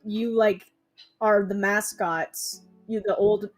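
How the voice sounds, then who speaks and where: A woman's voice: medium pitch, steady tone, takes it slowly, soft background music. A woman co-hosting a livestream, teasing and giggly in casual chat. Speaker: livestream co-host.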